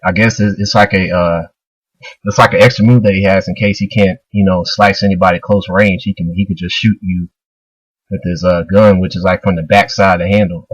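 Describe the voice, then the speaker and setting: Guy recapping a manga, low husky voice, dry sound, rambly. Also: level tone, a little fast, dry recording, dull audio. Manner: loose and rambling, filler-heavy. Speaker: manga reviewer. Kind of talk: casual retelling of a manga chapter.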